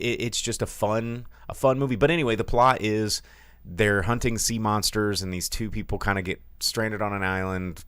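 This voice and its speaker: Male host, low and smooth, lively casual rambling review chat, dry close sound. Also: dry recording. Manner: rambling, animated, many fillers and restarts. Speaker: podcast host.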